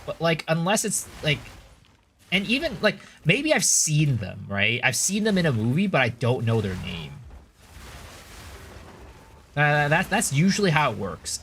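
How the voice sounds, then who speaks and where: A man's voice: fairly high pitch, huge pitch swings, normal speed, fairly bright tone, slight background noise. An American man streaming, chatting casually, rambling through restarts and answering chat. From United States.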